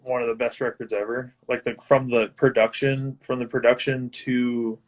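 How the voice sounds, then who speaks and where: A man's voice: mid-range voice, flat delivery, normal speed. Laid-back man chatting on a video call. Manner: laid-back, laughs often, swears casually. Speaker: guest musician. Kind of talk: casual chat over live video.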